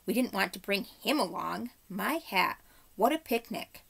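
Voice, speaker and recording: A woman voicing a plucky young boy who talks in a brisk, matter-of-fact way. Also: medium pitch, lively intonation, creaky, a bit bright, breathy edge, heavily acted. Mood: annoyed.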